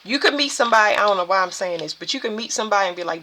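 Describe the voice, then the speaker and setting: Woman, emphatic tarot reader, bright ringing voice, faint hiss. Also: mid-range voice, lively intonation, racing. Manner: emphatic, preachy, addresses viewers as y'all. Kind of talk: live tarot reading.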